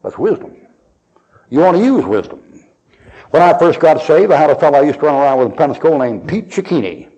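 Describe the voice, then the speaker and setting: A man's voice: fairly high pitch, sing-song, a little fast, warm tone, dull audio. Man preaching in folksy storytelling style. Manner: chuckles as he tells stories and acts out the dialogue.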